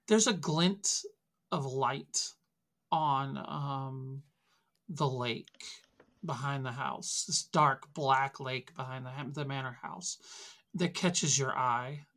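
A woman narrating a tabletop game as game master, descriptive and often pausing on fillers. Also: extremely low pitch, fairly bright tone.

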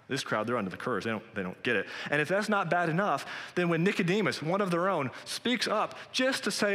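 Pastor guy preaching, earnest and chatty then punchy, bright tense voice, big echoey church hall. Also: a little high, very animated, brisk, few pauses. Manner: earnest and conversational, rising to emphatic peaks. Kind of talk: sermon. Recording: long hall reverb.

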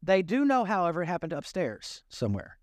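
A man with a notably high voice delivers a sermon in a relaxed, conversational way, tossing in jokes with his congregation. The sound is dry and close. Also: a little fast, no echo. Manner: casual, joking, conversational preaching. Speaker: pastor.

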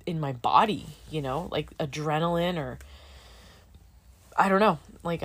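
Speaking in a low-pitched voice, this middle-aged student pilot talks openly and emotionally in a casual conversation. She drops plenty of fillers such as "like" and "dude."

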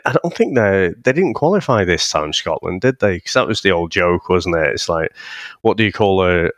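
A man's voice: low voice, fairly bright tone, dry recording. A man chatting easily and laughing on a film podcast. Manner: easygoing, laughs often, swears casually. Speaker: podcast co-host. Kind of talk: casual film podcast chat.

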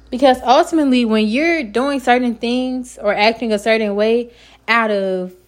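A woman hosting her own podcast, giving an earnest, encouraging self-help talk and sometimes stumbling over her words. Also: a little high. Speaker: podcast host.

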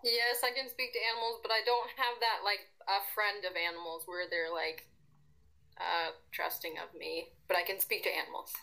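A woman's voice: mid-range voice, flat delivery, normal speed, vocal fry, bright, forceful tone, rough recording. A woman playing a tabletop game, unsure and thinking aloud. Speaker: player.

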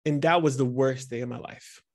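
A man's voice: mid-range voice, moderate pace. Candid man telling personal stories. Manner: candid, vulnerable, animated storytelling. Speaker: speaker teaching instructors. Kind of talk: personal storytelling talk.

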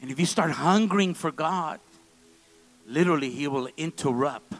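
A man preaching a sermon in a church service, moving between quiet, low asides and loud, fervent stretches. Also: normal speed, faint music behind, poor audio. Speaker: pastor.

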